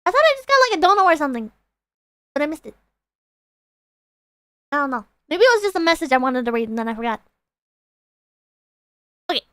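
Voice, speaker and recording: A woman livestreaming in casual chat, rambling excitably, swearing freely and reading out viewer donations. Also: high voice, fairly quick, pauses often, dry recording.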